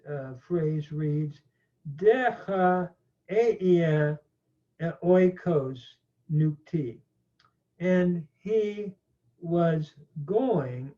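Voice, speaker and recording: A man teaching a slow grammar lecture, pausing often with fillers. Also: a little high, dark tone. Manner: slow, halting, many "uh" fillers. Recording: tinny phone-like audio.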